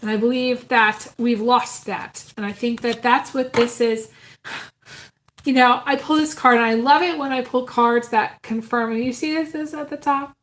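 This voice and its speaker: A woman's voice: on the high side, fairly even intonation, moderate pace. A woman giving a casual live tarot reading, talking earnestly and from the heart, with many ums and restarts. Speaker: tarot reader.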